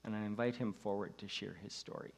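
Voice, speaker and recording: A man serving as pastor, introducing a speaker at a service in a gentle, measured way, with soft trailing phrases. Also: on the low side, steady tone, gravelly, a little hiss or hum. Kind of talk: sermon introduction. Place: church sanctuary. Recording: reverberant church sanctuary.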